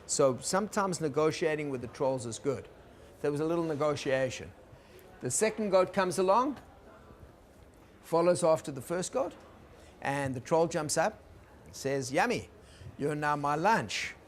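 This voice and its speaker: A man teaching about conflict in a gentle, explaining lecture style, checking in with his listeners. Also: a little high, animated, normal speed, long pauses, slight background noise. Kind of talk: recorded lecture.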